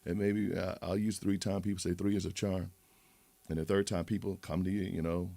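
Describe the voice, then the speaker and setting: A man's voice: sits low, little pitch movement, fairly quick, gravelly, mellow, dry recording. A man hosting a livestream, rambling and moralizing in a casual monologue with many restarts. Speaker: livestream host.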